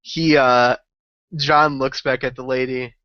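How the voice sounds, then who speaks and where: A man's voice: mid-range voice, level tone, slow pace, dry recording. A man playing in a tabletop game, easygoing and drawling, on a dry muffled recording. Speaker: player.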